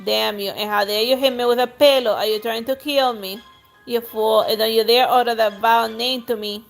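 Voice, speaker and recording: A woman voicing a haughty, quick-tempered young noblewoman who hurls scornful insults, reading game dialogue aloud. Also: fairly high pitch, steady tone, gravelly, faint music behind. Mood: furious.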